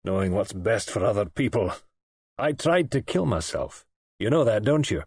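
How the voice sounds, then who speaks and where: Bitter hospital patient, indignant and curt, low husky voice, read by a man. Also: animated, normal speed, a little mellow, no echo, studio quality.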